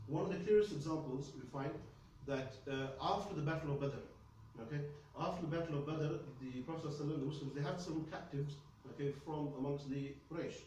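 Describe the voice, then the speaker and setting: Fast-talking man teaching in an echoey room. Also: on the high side, recorded from a distance, slight background noise. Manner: lively, conversational, many "okay?" checks. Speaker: Islamic studies teacher. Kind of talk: classroom hadith lesson.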